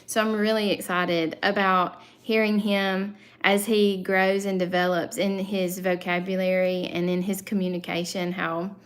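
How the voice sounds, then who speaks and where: A woman's voice: mid-range voice, flat delivery, unhurried, few pauses. A chatty woman with a thick Southern accent. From Southern United States. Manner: chatty and rambling, many fillers and self-corrections. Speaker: channel host. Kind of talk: casual live-stream chat.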